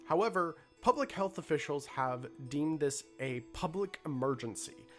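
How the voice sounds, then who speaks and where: A man's voice: fairly high pitch, animated, moderate pace, a bit bright, soft background music. A man voicing a male television news anchor reading breaking news in a formal broadcast manner.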